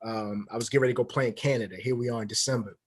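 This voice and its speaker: A man's voice: mid-range voice, very fast, slightly rough. A man in his thirties, a former football player, telling stories in a casual interview and acting out the dialogue. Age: 30s. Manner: animated storyteller, acts out quoted dialogue.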